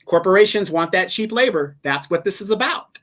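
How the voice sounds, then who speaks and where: A man's voice: high voice, lively intonation, fairly quick, a bit bright. A man hosting a casual political talk show, making emphatic, argumentative points. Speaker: political commentary host.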